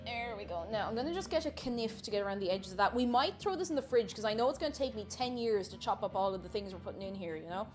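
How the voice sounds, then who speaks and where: Irish female streamer, a touch high-pitched, relaxed cooking chat, faint music bed. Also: fast talker, hardly any pauses. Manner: chatty, reads chat aloud and answers viewers.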